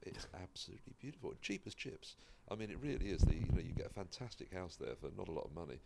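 A man's voice: sits low, sing-song, quick pace, creaky, heavy background noise. A British comedian, a man who now lives in the Midwest, chatting casually on a podcast with a self-deprecating, laughing manner. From United Kingdom. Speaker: stand-up comedian, podcast guest. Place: Michigan-based.

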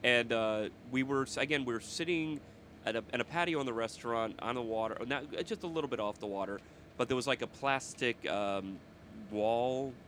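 A man's voice: mid-range voice, brisk, fairly bright tone. Chatty guy rambling about the tour, mid voice, faint noise around. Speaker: touring comedian. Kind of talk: casual podcast chat.

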